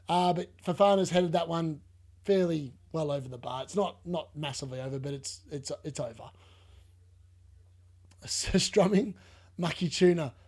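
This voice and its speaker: An Australian man hosting a live fantasy football watchalong, chatting and laughing with viewers and shouting at every chance. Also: on the high side, vocal fry. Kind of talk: live watchalong commentary and chat replies.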